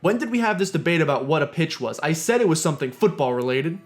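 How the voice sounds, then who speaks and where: A man's voice: on the high side, animated, fast talker. Joking young man streaming a game. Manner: joking, ranting, reads game dialogue aloud. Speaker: streamer playing a video game. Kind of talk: casual gameplay commentary. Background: game music.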